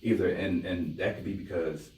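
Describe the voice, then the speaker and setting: A man's voice: deep voice, steady tone, moderate pace, darkish tone, roomy sound, distant mic, low-quality recording. A man in casual podcast chat, easygoing as he explains his point of view. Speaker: podcast guest. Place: podcast studio.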